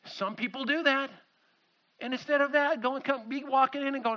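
Man, pastor, sermon in church, high pitch, lo-fi muffled recording. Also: normal speed. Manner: animated, acts out quoted voices. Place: church sanctuary. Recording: slightly dull lo-fi sound.

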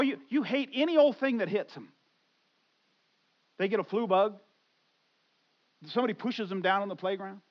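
A middle-aged man preaching a sermon, swinging from loud exclamations to hushed, earnest asides and acting out inner voices. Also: sits high, lo-fi sound. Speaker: pastor.

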